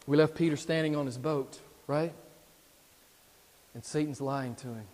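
A male pastor preaching a sermon, emphatic and repetitive, swinging between loud exhortation and hushed appeals. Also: on the high side, steady tone, measured pace, pauses often. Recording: long reverb in a large hall.

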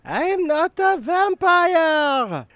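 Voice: high voice, big pitch swings, takes it slowly, no echo, studio quality, heavily acted. A performer voicing a male Jesus figure who keeps cutting in with exasperated protests. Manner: keeps interrupting with "oi", pleading.

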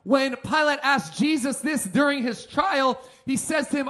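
High-voiced man preaching a sermon. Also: normal speed. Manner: emphatic preaching, swings between loud and soft. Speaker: pastor.

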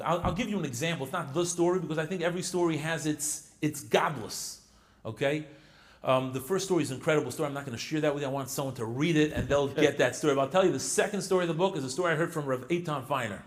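Rabbi guy in an interview, fairly high voice, gets really fired up telling stories, lots of restarts. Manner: enthusiastic, rising to emphatic peaks on key points; many restarts and filler words. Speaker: rabbi and author being interviewed. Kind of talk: animated storytelling interview.

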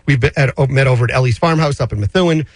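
This radio show host answers listener finance questions in a casual, chatty way, rambling with lots of fillers and restarts. His voice is medium-pitched and fast, and the recording is dry.

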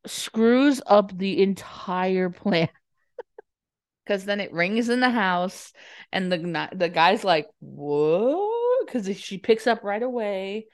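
A young woman chatting casually, retelling a movie plot with lots of laughs and quick acted-out lines. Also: medium pitch. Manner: giggly, acts out lines in quick voices. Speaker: podcast co-host.

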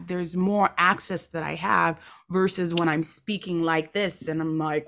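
A woman podcast host who grew up in Nigeria speaks in a somewhat low voice. She chats in a casual, expressive way and punctuates her guest's points with emphatic exclamations. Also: moderate pace, creaky, few pauses. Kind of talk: casual conversational interview.

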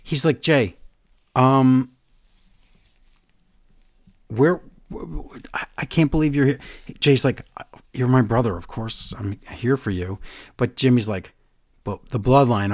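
A man's voice: medium pitch, dry recording, clean studio sound. A man co-hosting a casual podcast chat, recapping wrestling and acting out the quotes in different voices. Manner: animated, acts out quotes with voice changes.

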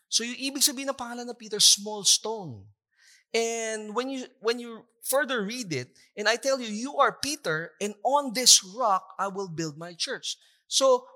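A man's voice: high-pitched, pushed and bright. A man with a Filipino accent preaching a sermon, mixing English and Tagalog, stretching out scripture quotes for emphasis and asking the congregation to respond. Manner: slows down for emphasis when quoting scripture. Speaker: pastor.

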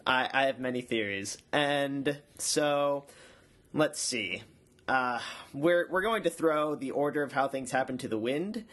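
A young man talks through a show recap in a loose, comedic way. He rambles, laughs at his own jokes and keeps slipping into quick silly voices. His voice sits at an ordinary middle pitch. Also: fairly bright tone. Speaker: podcast co-host recapping a show episode.

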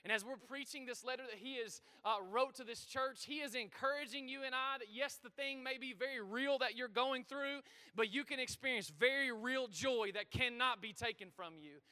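A man preaching a sermon to his congregation, energetic and full of call-and-response, in a church auditorium. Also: very high voice, normal speed, clear, resonant tone. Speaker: pastor. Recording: reverberant hall.

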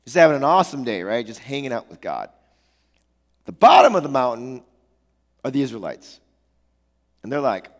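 A male pastor preaching a sermon, telling the story in a lively, playful way with slangy asides. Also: medium pitch, moderate pace, pauses often, long reverb tail.

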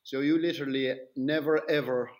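Host: man, mid-pitched, chatty, teasing. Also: fairly even intonation, fairly quick. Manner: chatty, leading questions, friendly teasing. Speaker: interview host. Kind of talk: casual interview chat.

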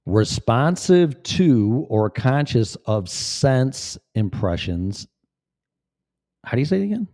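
A male vlogger rambles through casual commentary in a blunt, profane way. His voice is dark and mellow, and his pitch rises and falls in a lively way. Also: slow pace.

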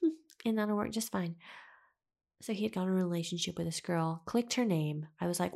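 A woman's voice: fairly low pitch, normal speed, vocal fry. A young woman hosting a podcast, telling a personal story in a chatty, dramatic way and swearing freely. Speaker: podcast host. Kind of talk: casual storytelling monologue.

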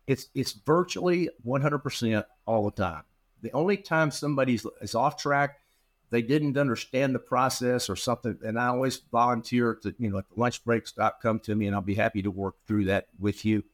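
A man's voice: medium pitch, normal speed. A middle-aged man, a guest in an interview, telling a long anecdote and acting out the dialogue, with frequent restarts and repeated words. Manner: animated storyteller who acts out quoted dialogue. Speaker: interview guest, practice management consultant. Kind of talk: storytelling in a podcast interview.

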